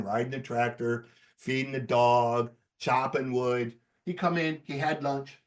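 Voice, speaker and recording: A man telling stories on a podcast in a casual, profane, animated way. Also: medium pitch, far from the mic. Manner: profane, animated storyteller who laughs as he talks.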